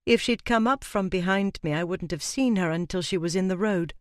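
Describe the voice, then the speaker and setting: A man voicing a bold young Regency woman who works as a dressmaker and answers back briskly. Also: high-pitched, no echo, clean studio sound, lightly acted. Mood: spirited. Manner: brisk and spirited retorts.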